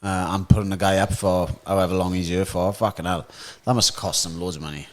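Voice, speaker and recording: A young man with a fairly low voice. He talks in loose, casual podcast banter and swears freely, sounding relaxed among friends. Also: quick pace. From Wales. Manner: swears a lot, laid-back banter. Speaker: podcast co-host, fighter. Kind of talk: casual chat.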